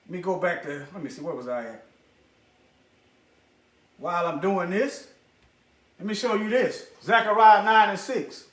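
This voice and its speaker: A man with a high, somewhat bright voice offers preachy commentary over a screen share at a moderate pace, leaving long pauses. He speaks straight to his viewers, repeats phrases for emphasis, and mutters asides as he searches, with a roomy sound.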